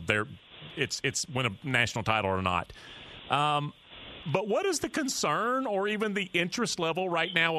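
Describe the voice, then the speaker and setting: A man's voice: mid-range voice, pushed and bright, no room sound. A man hosting a sports radio show, casual and folksy as he asks his guest questions. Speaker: radio host.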